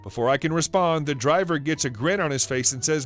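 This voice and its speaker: Brief: male narrator, slightly high voice, wry and sarcastic storytelling. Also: fairly quick, hardly any pauses, a bit bright, faint music behind. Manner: wry, amused, dryly sarcastic.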